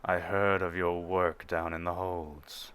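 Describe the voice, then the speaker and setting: A man's voice: low voice, little pitch movement, a bit bright, smooth. A man doing a towering, formal officer. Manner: measured, formal, approving. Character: towering stern male Imperial officer.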